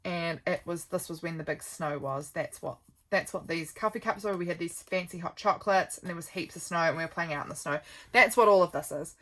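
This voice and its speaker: A woman's voice: lowish voice, fairly quick, a bit bright. A woman, casually chatting and rambling as she flips through her calendar, with lots of ums. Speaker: vlogger.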